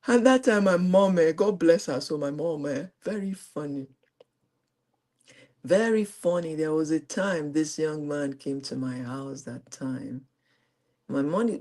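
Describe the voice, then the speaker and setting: Animated Nigerian woman telling a story. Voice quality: expressive, swings from high exclamations to low asides. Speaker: host. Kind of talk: animated storytelling to a live audience.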